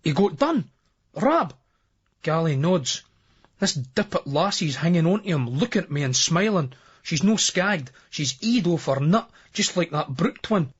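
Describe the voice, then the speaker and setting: A Scottish man reads a first-person novel in a brisk, earthy dialect, with lots of swearing. His voice sits high and a little husky. The remastered recording sounds dull and lo-fi. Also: animated. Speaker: audiobook narrator.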